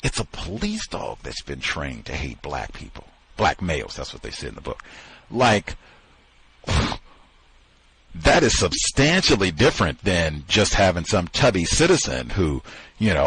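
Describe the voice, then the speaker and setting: A man hosting a study session, talking through a book with musing asides that build into animated emphasis. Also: deep voice, measured pace, creaky, husky, no echo, rough recording. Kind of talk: book discussion talk.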